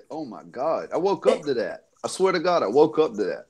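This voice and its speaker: A man's voice: a little high, sing-song, brisk, crowd noise. A man chatting casually as a guest on a stream, telling crude, joking stories. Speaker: panel guest on a live stream. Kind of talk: casual chat.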